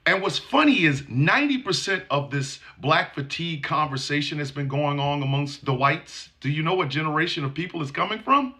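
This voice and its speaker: A man's voice: a little high, animated, fairly quick, few pauses, sharp tone. A Gen X man in his forties or fifties giving a blunt, sarcastic and profane commentary. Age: 40s to 50s. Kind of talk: commentary monologue.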